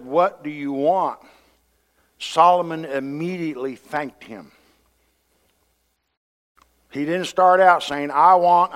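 A pastor preaching a sermon in a conversational style, often repeating words and acting out what people say. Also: male voice, fairly high pitch, a bit bright.

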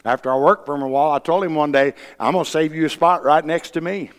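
A man's voice: fairly high pitch, fast, smooth. Folksy, blunt male preacher telling stories from the pulpit; long church reverb. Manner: folksy storyteller, blunt, rising to loud emphasis. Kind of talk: sermon with personal testimony. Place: church sanctuary.

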